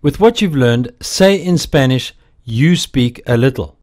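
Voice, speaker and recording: Male course narrator, mid-pitched, animated delivery, slow scripted instruction. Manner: slow, deliberate, explanatory.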